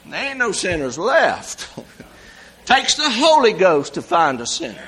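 A man preaching a sermon in a folksy, animated way, swinging from loud exclamations to hushed asides. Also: sits high, unhurried, breathy edge, rough recording.

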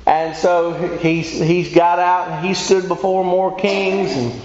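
A man's voice: sits high, steady tone, takes it slowly, a crowd in the background. A man preaching a sermon to a congregation, folksy and emphatic, often asking them questions. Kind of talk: sermon with call-and-response. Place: church hall. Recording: echoey hall, dull lo-fi sound.

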